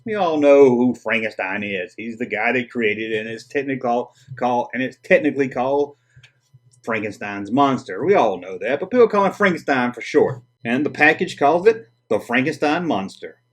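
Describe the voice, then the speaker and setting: Husky Southern US man reviewing toys. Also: medium pitch, lively intonation, normal speed. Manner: jokey, corny puns, chatty. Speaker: toy review host. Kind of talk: casual vintage toy review.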